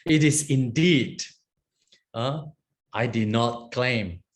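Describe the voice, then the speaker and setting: Monk teaching Pali. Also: male voice, mid-range voice. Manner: explains patiently, often asks "huh?" and "okay?"; chants Pali phrases slowly and carefully. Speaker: monastic teacher. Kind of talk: Pali grammar lesson.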